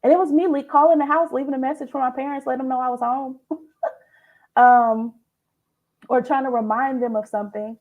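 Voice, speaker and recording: A woman's voice: high-pitched, normal speed, long pauses, poor audio. A woman copywriter, telling stories animatedly as a guest in a casual chat. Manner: animated storytelling.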